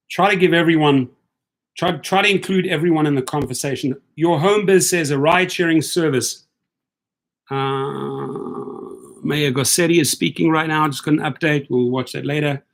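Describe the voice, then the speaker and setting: A man's voice: fairly high pitch, normal speed, creaky. A man chatting casually on a livestream. He talks loosely and repeats himself, and he sounds tired as he answers viewers one by one. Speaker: livestream host for rideshare drivers. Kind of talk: casual livestream chat reading viewer comments.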